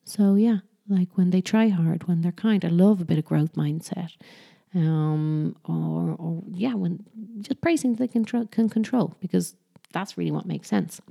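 A woman's voice: fairly low pitch, measured pace, creaky, mellow. A woman giving parenting advice in a casual, chatty talk, often correcting herself mid-sentence. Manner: chatty, self-correcting, slips into mock sing-song voices when quoting.

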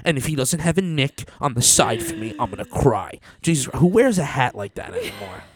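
A man's voice: mid-range voice, sing-song, brisk, crowd noise. A man in casual banter who roasts people bluntly, swearing a lot and laughing at his own jokes. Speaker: guest guessing exes.

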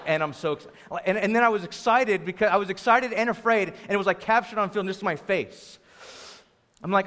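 High-voiced pastor with a sore throat, echoing hall. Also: male voice, a little fast. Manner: storytelling, lively and informal. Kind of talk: conversational sermon. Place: church venue. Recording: long hall reverb.

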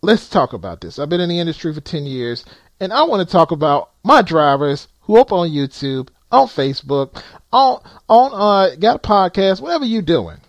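Blunt, animated male trucker ranting. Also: high-pitched, brisk, no echo. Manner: blunt, profane, emphatic. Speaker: truck driver and vlogger. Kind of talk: blunt ranting advice to viewers.

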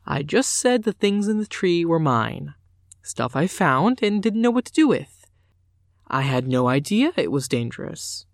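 A man voicing a defiant teenage girl accused of witchcraft, speaking calmly and coolly. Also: on the high side, a little slow, creaky, few pauses, no room sound, clean studio sound, pitched above the performer's own voice, exaggerated voice. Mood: calm defiance. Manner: calm, cool and composed.

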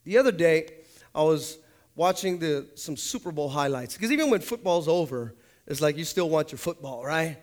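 Male pastor, high lively delivery, sermon with jokes. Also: normal speed. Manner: animated, joking, swinging between loud highs and low asides.

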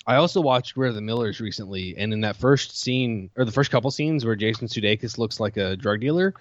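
A man's voice: fairly low pitch, fairly quick, no echo, highs cut off. A man co-hosting a podcast, chatting casually and easily about movies. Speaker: podcast co-host. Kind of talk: casual chat.

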